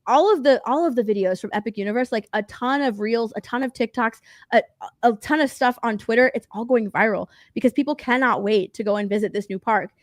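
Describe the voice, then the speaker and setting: Woman podcast co-host, bubbly and chatty, a touch high, dry mic. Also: fairly quick, dry recording. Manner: chatty, excitable, many fillers. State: hiccups. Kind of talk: casual chat.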